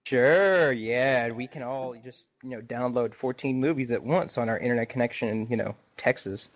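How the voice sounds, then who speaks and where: A man's voice: mid-range voice, moderate pace. A man co-hosting a casual podcast, making wry, sarcastic asides. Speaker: podcast co-host. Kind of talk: casual chat.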